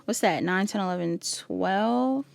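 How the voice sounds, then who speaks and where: A woman's voice: mid-range voice, measured pace, vocal fry. A woman giving a casual pick-a-card tarot reading, chatty and talking straight to her viewers, often laughing at herself. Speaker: tarot reader.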